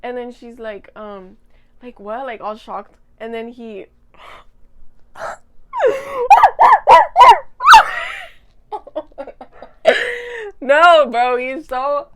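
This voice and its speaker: A woman's voice: on the high side, fairly even intonation, slow, clean tone. A young woman chatting casually into a desk mic at home, giggly and gushing as she rambles. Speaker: vlogger. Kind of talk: casual chat.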